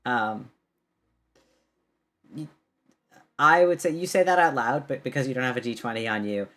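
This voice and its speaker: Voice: medium pitch, normal speed, bright, forceful tone. Hesitant game master narrating a session. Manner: hesitant, many ums.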